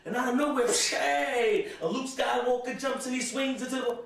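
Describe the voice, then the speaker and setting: A man's voice: extremely high pitch, moderate pace, vocal fry, a bit bright, slight background noise. A young man delivering a rambling comic rant to camera, stumbling and repeating himself with constant "you know"s. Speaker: host. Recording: very echoey room, far from mic.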